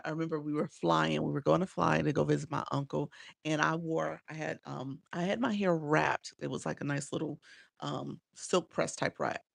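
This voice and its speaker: Middle-aged woman live-stream coach, chatty and laughing a lot, gravelly edge, close dry mic. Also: deep voice, no room sound. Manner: chatty, laughs often, reads viewer comments aloud.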